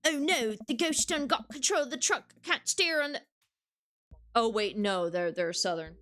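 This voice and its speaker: A woman voicing a panicky male ghost-hunting trucker, with a hokey put-on rural drawl and loud alarm. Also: on the low side, normal speed, smooth, faint music behind, close to an everyday voice. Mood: panicked.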